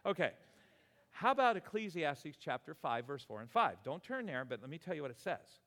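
A man in his sixties preaching a sermon as pastor, animated and exclamatory, often chuckling between points. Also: fairly high pitch, normal speed. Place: church sanctuary. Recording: long hall reverb.

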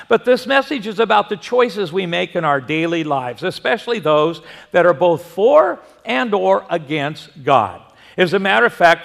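A man's voice: high-pitched, vocal fry, a bit bright, big-room sound. A man preaching a sermon, telling a folksy story and asking the congregation questions. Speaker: pastor.

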